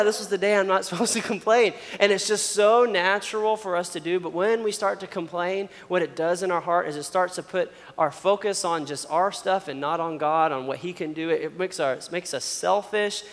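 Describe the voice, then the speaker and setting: A man's voice: high-pitched, fairly bright tone. A young adult man preaching a sermon in a casual, conversational way, acting out quoted complaints. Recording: long hall reverb.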